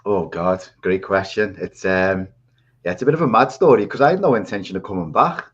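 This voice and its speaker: A man's voice: deep voice, fairly quick, husky. A man with a Scouse accent, chatting casually as a podcast guest and telling his story over a video call. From England. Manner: rambling storyteller. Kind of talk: casual chat. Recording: dull lo-fi audio.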